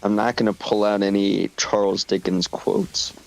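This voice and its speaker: A man's voice: lowish voice, steady tone, normal speed, vocal fry, low-quality recording. A man co-hosting a stream, chatting casually over gameplay, easily distracted and swearing freely. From United States. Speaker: stream co-host.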